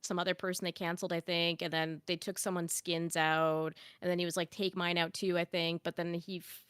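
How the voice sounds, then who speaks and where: A woman's voice: lowish voice, little pitch movement, brisk, a bit bright, clear, resonant tone, no echo. A woman co-hosting a podcast in casual chat, candid and profane. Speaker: podcast co-host.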